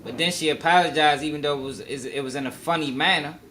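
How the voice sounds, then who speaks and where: A man's voice: a little high, fast, bright, forceful tone, a little hiss or hum. A man giving casual, slangy live reaction commentary, talking freely and laughing along. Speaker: reaction streamer.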